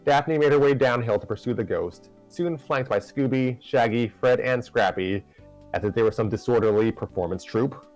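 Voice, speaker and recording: A man's voice: medium pitch, normal speed, darkish tone, soft background music, low-quality recording. A man hosting and reading a story aloud live, narrating conversationally with self-corrections. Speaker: story reader and host.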